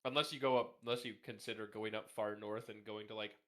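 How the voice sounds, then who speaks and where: A man's voice: lowish voice, fairly even intonation, fast, pushed and bright. A man from Canada chatting casually on a podcast in a rambling, jokey way. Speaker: podcast guest.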